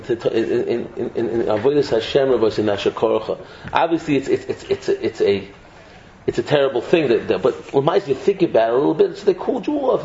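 A man teaching an animated Torah shiur, repeating words as he builds each point and mixing English with Hebrew and Yiddish terms. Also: medium pitch. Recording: echoey, dull, faint noise.

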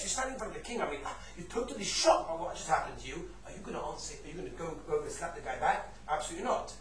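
A man giving a Torah class, telling stories in an animated way, sprinkling in Yiddish and Hebrew terms and bursting into loud emphasis. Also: fairly high pitch, rapid-fire, few pauses, a little hiss or hum. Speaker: Torah teacher. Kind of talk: lively storytelling Torah class. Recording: roomy echo, distant mic.

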